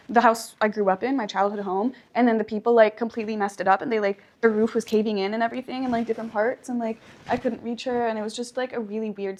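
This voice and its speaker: High-voiced chatty woman vlogging. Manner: chatty, rambling, lots of "like", self-mocking. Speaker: travel vlogger. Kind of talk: casual vlog chat to camera.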